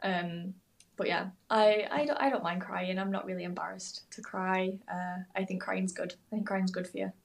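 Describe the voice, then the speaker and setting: Young guest, earnest and rambling, vocal fry, level delivery, video call. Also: female voice, mid-range voice, steady tone, normal speed, low-quality recording. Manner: rambling, heartfelt, many fillers and restarts. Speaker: podcast guest. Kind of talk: candid interview talk. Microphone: remote video call.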